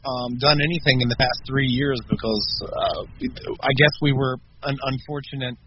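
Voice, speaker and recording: A man of medium pitch talks as a musician on a radio interview. He is reflective and soft-spoken, often hesitating mid-thought. The sound is a bit muffled, with faint background noise. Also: steady tone, normal speed. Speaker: musician guest. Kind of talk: casual interview.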